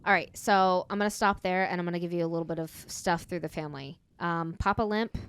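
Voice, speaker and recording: A woman's voice: fairly low pitch, fairly even intonation, quick pace, smooth. A woman co-hosting a podcast, casually telling a story with lots of fillers and self-corrections. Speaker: podcast co-host.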